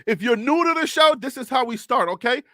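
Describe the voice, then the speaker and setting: A man hosting a live sports stream, excitable and teasing, calling out chat names in what he calls his radio voice. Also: extremely high pitch, brisk, dry recording, clean studio sound. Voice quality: self-described radio voice.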